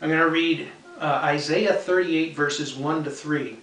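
A man's voice: fairly high pitch, a little slow, few pauses, fairly bright tone, far from the mic. Earnest male Bible teacher, roomy. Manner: earnest, checks in with repeated "okay?"; repeats key points for emphasis. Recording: roomy sound from off-mic.

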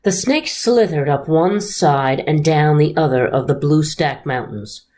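A teacher reading a children's story aloud in an expressive, unhurried way. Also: female voice, low-pitched.

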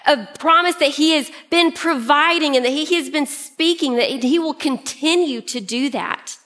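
Animated woman pastor preaching. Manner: animated preaching with varied pace and pitch. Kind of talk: sermon.

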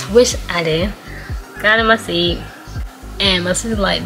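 A woman's voice: mid-range voice, unhurried, vocal fry, pauses often. Chatty young woman from Atlanta, music behind. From Atlanta, USA. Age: 20s. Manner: excited and chatty, addresses viewers as y'all. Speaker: vlogger. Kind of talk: casual storytelling vlog.

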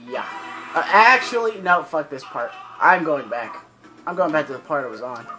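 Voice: medium pitch, sing-song, moderate pace, bright, forceful tone, faint music behind, poor audio. A teenager hosting a let's play, commentating while playing and breaking into frustrated, swearing rants. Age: teens. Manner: swearing, ranting frustrated outbursts. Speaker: gaming channel host.

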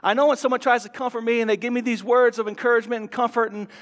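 A man's voice: very high-pitched, steady tone, racing, a bit bright. A man preaching a sermon in a church, talking conversationally with frequent restarts and acting out quotes. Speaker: pastor. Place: church sanctuary. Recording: long hall reverb.

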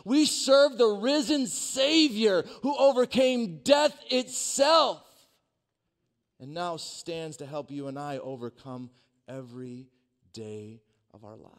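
A man preaching a sermon, telling a personal story in a dynamic way that swings from hushed to loud. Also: medium pitch. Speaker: pastor. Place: church sanctuary.

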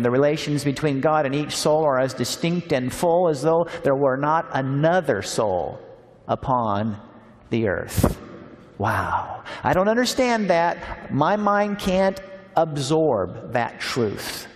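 A man giving a sermon at a seminar, telling stories and slowing down on key phrases. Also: medium pitch, lively intonation. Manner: warm storytelling, slows for emphasis. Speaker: speaker at a Christian seminar. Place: large hall. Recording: long hall reverb.

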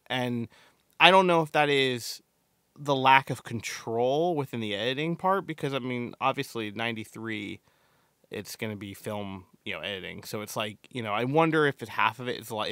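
A man's voice: mid-range voice, normal speed, a bit bright, dry recording. Rambling podcast man, dry close sound. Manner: rambling with many fillers and restarts. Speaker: podcast co-host. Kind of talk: casual chat.

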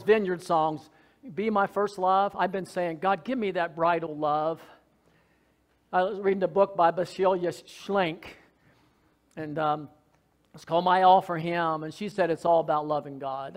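A man preaching a sermon as pastor, fervent and folksy, swinging from soft asides to loud shouted lines with jokes along the way. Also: sits high. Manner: folksy, joking.

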